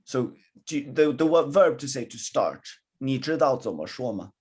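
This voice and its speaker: Male online Mandarin tutor, husky, encouraging, bilingual English and Mandarin. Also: medium pitch, expressive, normal speed, darkish tone. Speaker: Chinese teacher. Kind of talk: live online language lesson.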